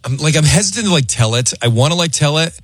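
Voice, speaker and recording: A man's voice: on the high side, quick pace, breathy edge, dry recording, faint music behind. Chatty male radio host, dry sound. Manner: animated, chatty storyteller with lots of fillers. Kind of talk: casual on-air storytelling.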